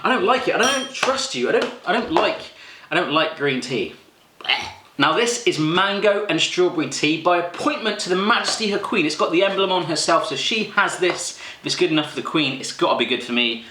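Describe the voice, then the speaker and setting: A British man talks to his viewers in a bright, forceful voice that sits a bit high. His reactions are animated and jokey, and he exaggerates them. He is recorded in an echoey indoor room. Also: a little fast, slight background noise. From United Kingdom. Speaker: food vlogger. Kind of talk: casual chat to camera.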